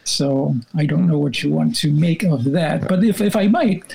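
A man's voice: a little high, normal speed, gravelly, dark tone, poor audio. A male reporter explaining council events in casual talk, wry and hesitant with fillers. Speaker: reporter guest.

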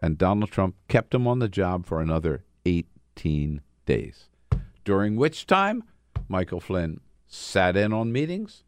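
Male talk radio host, lowish pitch, very animated delivery, dry studio sound. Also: a little slow, no room sound. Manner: emphatic, indignant storytelling. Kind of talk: political talk radio commentary.

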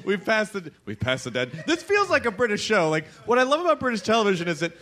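A man's voice: sits high, big pitch swings, fast talker, pushed and bright. An American man, a podcast host, chatting casually in a playful, joking way. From United States. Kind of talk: casual chat.

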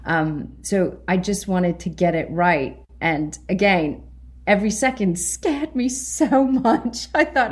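A woman with a British accent, a guest actress chatting in an interview, animated and quick to laugh as she acts out what people said. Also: medium pitch. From Britain. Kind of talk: casual interview chat.

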